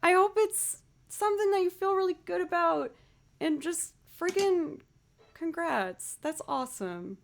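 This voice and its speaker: A woman's voice: very high-pitched, expressive, a little slow, vocal fry, a little hiss or hum. A woman musician chatting casually on her livestream, bubbly as she thanks viewers one by one.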